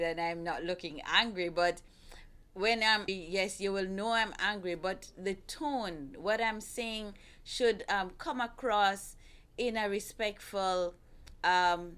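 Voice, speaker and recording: A woman's voice: medium pitch, slow pace, clear, resonant tone. A woman hosting a family talk show, earnestly coaching couples on how to speak to each other. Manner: earnest, gentle, repeats herself while coaching. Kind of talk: casual advice talk.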